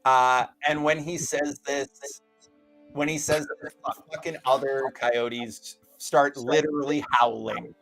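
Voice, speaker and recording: A man's voice: mid-range voice, fairly even intonation, slow, creaky, fairly bright tone, soft background music, low-quality recording. A man narrating a tabletop game as game master, casual and full of fillers and swearing.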